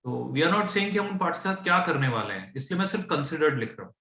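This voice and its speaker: A man's voice: on the high side, big pitch swings, very fast, bright, forceful tone. Patient Indian tutor man, echoey room. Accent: Indian English. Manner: patient, asks checking questions, mixes English and Hindi. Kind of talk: explaining fractions.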